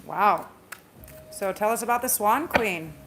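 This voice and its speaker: Woman, slight Southern drawl, casual tarot reader; emphatic, repeats herself, rushes and stumbles now and then. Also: medium pitch, animated, a bit bright, soft background music. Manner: chatty, emphatic, repeats phrases, speeds up and stumbles at times. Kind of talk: casual spiritual tarot reading.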